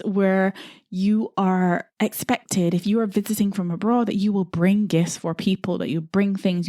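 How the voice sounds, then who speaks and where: A woman's voice: fairly low pitch, a little mellow, no echo, clean studio sound. A woman from the Caribbean hosting a podcast, speaking to listeners in an earnest, encouraging, conversational monologue full of "you know" asides. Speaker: podcast host.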